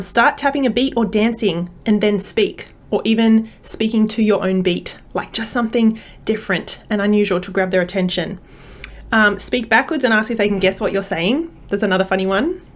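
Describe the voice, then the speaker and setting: A woman, a parenting coach talking casually to camera in an upbeat, chatty way with many fillers. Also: mid-range voice.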